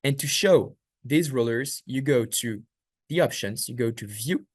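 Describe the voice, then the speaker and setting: A man with a French accent teaches an online workshop at a middle pitch. He explains each step, answers questions from the chat, and corrects his own small slips. The recording is dry, with no room sound. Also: animated, unhurried, no room sound. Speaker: workshop instructor. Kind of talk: live online software tutorial.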